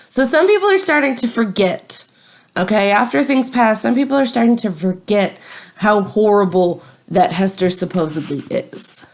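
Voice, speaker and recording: A woman's voice: mid-range voice, animated, moderate pace. A woman reading a novel aloud and adding chatty, casual comments between passages. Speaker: reader.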